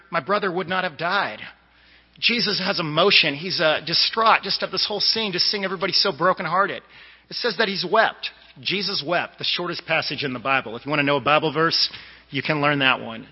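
High-voiced man preaching in a church. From Boston area. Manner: conversational preaching with fillers and asides. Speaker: lay preacher. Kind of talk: sermon. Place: church sanctuary. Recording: dull echoey church recording.

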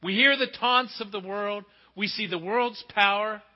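A man preaching a sermon emphatically, asking rhetorical questions and swinging between loud and hushed delivery. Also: high voice, a little slow. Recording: muffled with long hall reverb.

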